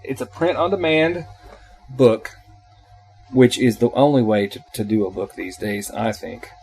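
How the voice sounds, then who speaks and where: A man's voice: mid-range voice, measured pace, darkish tone, husky. A man co-hosting a podcast in casual chat, talking with emphatic enthusiasm. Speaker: podcast co-host.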